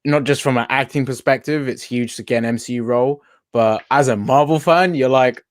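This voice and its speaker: A man's voice: medium pitch, a little fast, no room sound, clean studio sound. Upbeat chatty male interview host. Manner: upbeat, chatty, laughs easily. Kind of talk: casual video-call interview.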